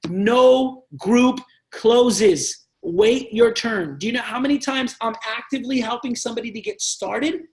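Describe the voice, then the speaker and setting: A man leads a sales team training with passion and emphasis, acting out sales conversations in an energetic talk. His voice is very high, and he speaks briskly with few pauses.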